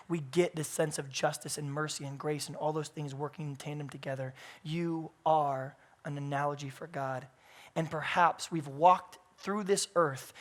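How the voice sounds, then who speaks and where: A man in his thirties preaching a sermon in church, moving between hushed, intimate passages and loud, emphatic peaks. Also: on the high side.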